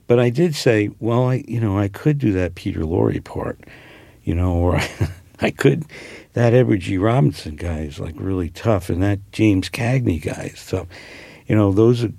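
A man's voice: fairly low pitch, lively intonation, moderate pace, vocal fry, warm tone, no room sound. A man from New Jersey with a New Jersey accent, an actor talking casually in an interview, rambling with many fillers and restarts. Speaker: actor guest.

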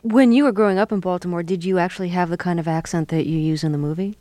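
A woman hosting an interview, asking attentive, measured questions. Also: on the low side, mellow, no echo. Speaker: interviewer, host. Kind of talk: radio interview.

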